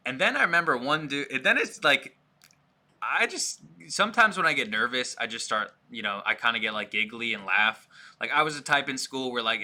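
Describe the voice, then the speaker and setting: A man's voice: mid-range voice, bright, forceful tone. A man hosting a podcast, telling a rambling, self-deprecating story in casual chat.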